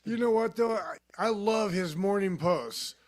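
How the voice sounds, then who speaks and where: Male guest, somewhat high voice, crude and teasing. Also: unhurried, dry recording, clean studio sound. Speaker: stream guest. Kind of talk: casual live-stream chat.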